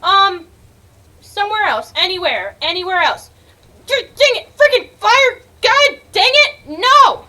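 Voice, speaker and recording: Excitable high-voiced young woman gamer. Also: unhurried. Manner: excitable, swears freely, yells and laughs at the game. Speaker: gaming video creator. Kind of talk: let's-play gameplay commentary.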